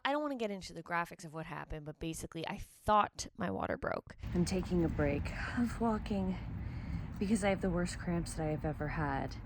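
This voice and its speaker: A woman's voice: deep voice, background noise. A pregnant woman vlogging casually, talking candidly and emotionally, rambling as she goes. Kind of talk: casual confessional vlog.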